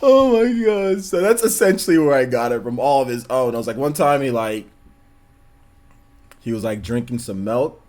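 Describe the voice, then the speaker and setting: A man's voice: medium pitch, expressive, moderate pace, a little mellow. A man in his thirties hosting a casual livestream, rambling through stories and laughing often. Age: 30s. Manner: rambling storytelling, frequent laughter. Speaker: livestream host.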